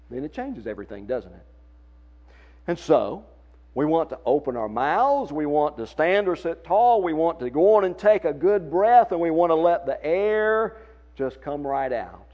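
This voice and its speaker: A Southern church song leader, very animated, guides his congregation through singing tips at a moderate pace in a voice on the high side. He's folksy and encouraging, demonstrating vocal techniques, and the workshop audio is muffled and lo-fi.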